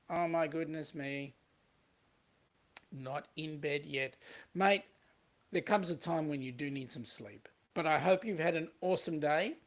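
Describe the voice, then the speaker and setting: A livestream host with an Australian accent, talking casually and greeting viewers by name as they read the chat aloud. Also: mid-range voice.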